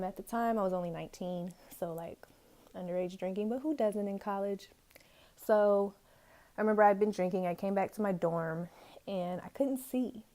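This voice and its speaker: A woman's voice: medium pitch, warm tone. A woman in her twenties telling a casual story at home, chatty and filled with "like" and "um", into a camera's built-in mic. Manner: chatty, peppered with "like" and "um". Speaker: vlogger.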